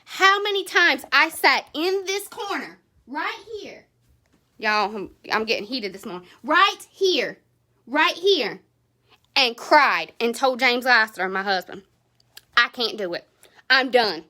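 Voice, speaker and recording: High bright-voiced passionate woman. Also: slow pace. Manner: blunt, passionate, animated. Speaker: direct sales team leader. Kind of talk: motivational team talk.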